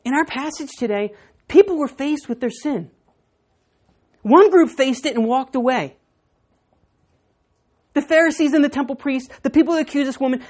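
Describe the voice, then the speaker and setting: A woman pastor preaching a sermon, telling stories and moving between hushed and emphatic delivery. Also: sits high. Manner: storytelling, animated, swinging between hushed and emphatic.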